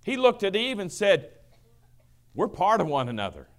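Middle-aged man preaching, voice kinda high, goes big and loud then real quiet, plays out the quotes. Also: wildly swooping pitch, normal speed. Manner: swings from booming to hushed, acts out quotes. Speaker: pastor. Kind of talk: sermon.

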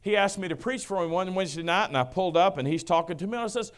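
A middle-aged male pastor preaching a sermon, booming then dropping to a hush, acting out quoted voices. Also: rapid-fire, clean tone. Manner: swings from booming to hushed, acts out quotes.

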